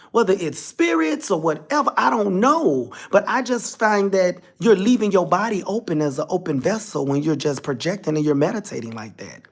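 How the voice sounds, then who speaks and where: A man's voice: high-pitched, lively intonation, moderate pace, hardly any pauses, husky. A man, telling a personal story to his viewers, candid and emotional, speaking to them directly. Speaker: vlogger.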